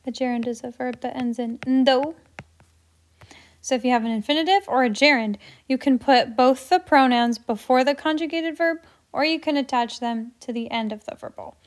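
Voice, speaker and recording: A woman teaching a grammar lesson in an upbeat, playful way, dropping to soft asides while she writes. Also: high voice, normal speed. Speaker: Spanish teacher.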